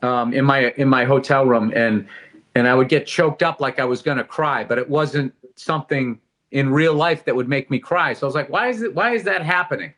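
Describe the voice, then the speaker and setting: A man's voice: medium pitch, fairly even intonation, normal speed, fairly bright tone. A middle-aged man on a casual podcast, talking reflectively and candidly, swearing now and then. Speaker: podcast host.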